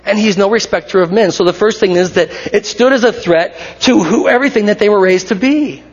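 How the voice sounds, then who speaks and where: A man preaching a sermon in a lively, conversational way, to his congregation in a church. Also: high voice, fairly quick, breathy edge. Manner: animated, conversational, acts out crowd shouts. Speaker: pastor. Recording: dull recording with long hall reverb.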